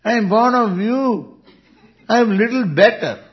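An Indian-accented man playing a cheeky young child who answers back to the parents, laughing as he raises his pitch. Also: lively intonation, measured pace. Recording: dull lo-fi recording.

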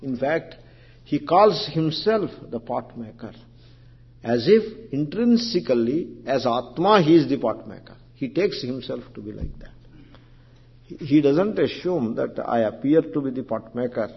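A man teaches a scripture class in a slightly husky voice, pausing to explain each term and circling back over his phrases. The recording is dull and lo-fi. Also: mid-range voice, very animated. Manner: explains terms, repeats and restarts phrases. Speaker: spiritual teacher.

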